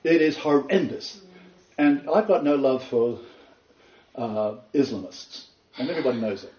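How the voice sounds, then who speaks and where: Older male preacher, earnest and emphatic lecture delivery, mellow tone, echoey room recording. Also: normal speed. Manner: earnest and emphatic, pitch leaping on stressed words, rambling asides. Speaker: preacher giving a Bible lecture. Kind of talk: informal sermon lecture to a small group. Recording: roomy, distant, dull lo-fi.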